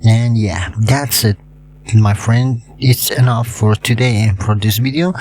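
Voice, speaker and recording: A man with a non-native English accent who hosts his own channel and explains a science topic informally, in a halting way with many hums and restarts. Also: mid-range voice, darkish tone, a little hiss or hum. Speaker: channel host.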